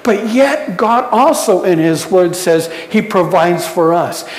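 A pastor preaching a sermon in a church, unhurried, putting questions to the congregation and adding light humor. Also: medium pitch, expressive. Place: church sanctuary. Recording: echoey church hall reverb.

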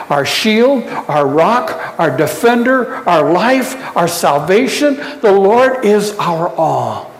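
A pastor delivers a sermon at a slow, deliberate pace, the voice rising and falling in a lively way. The talk is unhurried, with questions put to the congregation and a touch of humor. It is recorded in a church sanctuary with long, roomy reverb and faint background noise. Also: medium pitch. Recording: echoey church hall reverb.

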